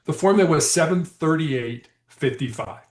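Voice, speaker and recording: A man who used to be a hostage negotiator tells stories as a guest on a podcast, recorded in an echoey room. His voice is on the high side and expressive at a normal speed, and he animatedly acts out quoted dialogue in conversational storytelling.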